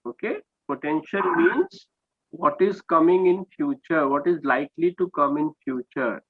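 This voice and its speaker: A man's voice: a little high, lively intonation, moderate pace. A man with an Indian English accent, teaching an online class and patiently correcting students' speech, often checking with "okay?". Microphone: video call. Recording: dull lo-fi video call audio.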